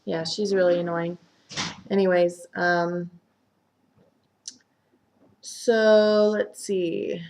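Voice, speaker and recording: A woman's voice: fairly low pitch, flat delivery, extremely slow, long pauses, a little mellow. A young woman casually recapping a soap opera as host, chatty and full of fillers, sometimes acting out quotes.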